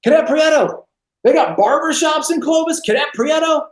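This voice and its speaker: A man putting on a loud, sarcastic male military drill instructor who taunts a recruit. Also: very high-pitched, normal speed, pitched above the performer's own voice. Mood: mocking. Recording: roomy echo.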